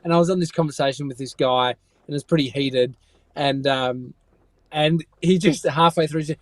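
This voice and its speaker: An Australian man co-hosting a podcast, chatting casually in a quick, jokey way and laughing often. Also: a little high. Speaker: podcast co-host. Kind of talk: casual chat.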